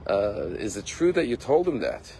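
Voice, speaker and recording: A man voicing a worried widowed mother in a sermon story, speaking hesitantly with many pauses. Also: lowish voice, wildly swooping pitch, creaky, warm tone, breathy edge, voice pushed down, full character voice.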